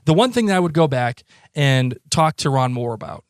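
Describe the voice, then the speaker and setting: A man with a Boston accent, co-hosting a podcast in a rambling, excitable casual chat. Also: medium pitch, moderate pace, clear, resonant tone, no echo, clean studio sound. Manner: rambling, excitable, many restarts. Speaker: podcast co-host.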